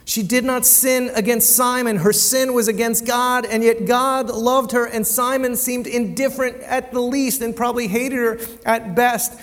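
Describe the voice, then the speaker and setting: A man's voice: very high voice, steady tone, normal speed, hardly any pauses. A male pastor preaching a conversational sermon in a church, often repeating words as he goes and asking the congregation rhetorical questions. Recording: long hall reverb.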